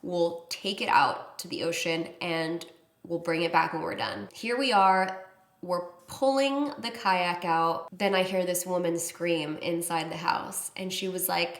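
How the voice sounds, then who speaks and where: A woman vlogger telling a casual story to her viewers, chatty and expressive, with lots of "like". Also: on the low side, measured pace. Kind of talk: casual story-time vlog. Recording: echoey room.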